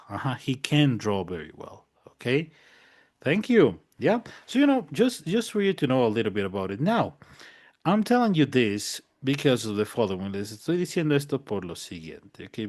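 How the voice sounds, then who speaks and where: Man teaching English slowly. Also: lowish voice. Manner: slow drilled example sentences, repeats in Spanish. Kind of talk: online bilingual lesson.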